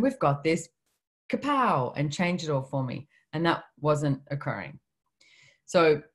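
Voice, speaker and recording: A woman author speaking at her book launch, telling candid, self-deprecating personal stories. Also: sits low. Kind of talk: personal storytelling talk.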